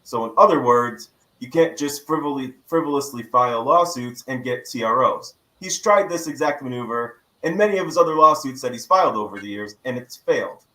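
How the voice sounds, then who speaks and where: Man explaining a case, bright and roomy. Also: medium pitch, animated. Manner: measured legal explanation. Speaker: attorney panelist. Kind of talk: podcast panel discussion.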